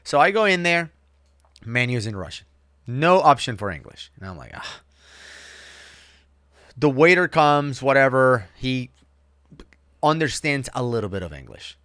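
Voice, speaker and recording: A man's voice: mid-range voice, a little slow, long pauses, dry recording, clean studio sound. A man co-hosting a casual chat show, telling a story with jokes and exaggeration. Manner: animated storyteller, joking and exaggerated. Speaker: co-host.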